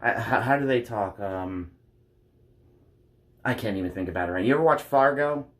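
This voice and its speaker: A man's voice: lowish voice, normal speed. A young adult man vlogging candidly from home into a taped-up phone, rambling bluntly and swearing freely. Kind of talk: candid confessional vlog. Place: at home by a couch. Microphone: phone taped in place.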